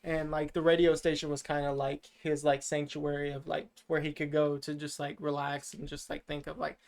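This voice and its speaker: A man's voice: on the high side, completely flat delivery, normal speed, gravelly, darkish tone. A man co-hosting a podcast, casually retelling a film plot in a rambling way, full of filler words and casual swearing. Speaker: podcast co-host. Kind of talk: casual movie recap chat.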